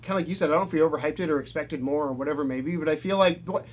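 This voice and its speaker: A man co-hosting a casual gaming couch chat, blunt and quick to swear. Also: a little high, muffled recording. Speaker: co-host of a gaming channel.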